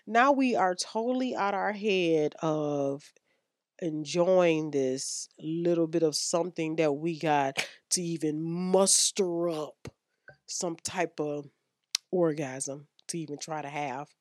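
A woman's voice: lowish voice, fairly even intonation, slow pace, a little mellow, no echo, clean studio sound. A woman hosting a frank sex-advice podcast, blunt and slangy as she lectures her listeners. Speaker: podcast host.

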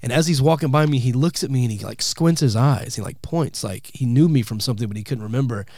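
A man, a comedian and podcast host, telling animated stories in casual chat and acting out the people he quotes. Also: medium pitch, fast, no echo, clean studio sound. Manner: animated storyteller, acts out quotes.

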